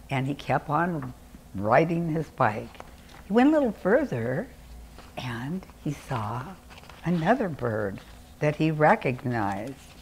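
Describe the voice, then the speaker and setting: An older woman telling a children's story in an expressive, animated way. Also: rumbling low, slight background noise.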